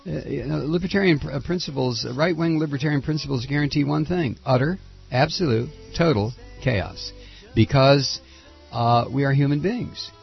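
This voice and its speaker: A man hosting a political talk radio show, indignant and sarcastic, halting often with fillers and restarts. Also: on the high side, vocal fry, husky, lo-fi sound, soft background music.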